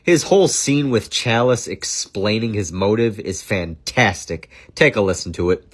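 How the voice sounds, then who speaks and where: A man's voice: lowish voice, lively intonation, moderate pace. A man hosting a casual film review, joking crudely and swearing often. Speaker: movie review host. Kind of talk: casual profane film commentary.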